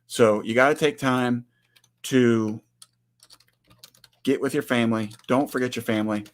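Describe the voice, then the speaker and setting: A man's voice: medium pitch, steady tone, measured pace. A man in his forties co-hosting a casual livestream, speaking earnestly and greeting viewers by name. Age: 40s. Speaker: livestream co-host.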